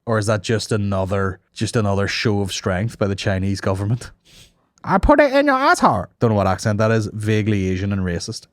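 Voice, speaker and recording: A man's voice: fairly low pitch, little pitch movement, brisk, hardly any pauses, no echo, clean studio sound. A young man hosting a casual comedy podcast, ranting and swearing in mock outrage. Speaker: podcast host.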